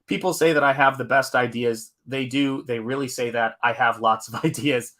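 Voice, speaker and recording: A man's voice: medium pitch, steady tone, normal speed, a bit bright, natural voice. A man doing a loose impression of a boastful older male politician who brags in an exaggerated drawl.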